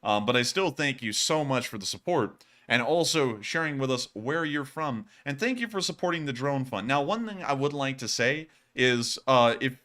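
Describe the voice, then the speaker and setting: A young man hosting a casual livestream and reading donations, animated and quick to laugh. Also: medium pitch. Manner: animated, laughs often, swings loud and quiet.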